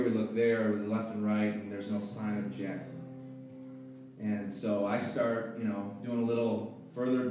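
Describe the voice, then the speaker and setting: A man in his thirties, a pastor, telling a personal story in a sermon with earnest emotion and halting restarts. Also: fairly low pitch, darkish tone. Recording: echoey hall, voice far from the mic, faint music.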